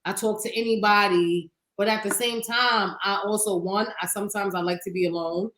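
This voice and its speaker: A woman co-hosting a podcast, chatting casually in an animated, profane way and laughing often. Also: medium pitch, normal speed, reverberant, a little hiss or hum, low-quality recording. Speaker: podcast co-host. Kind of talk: casual chat.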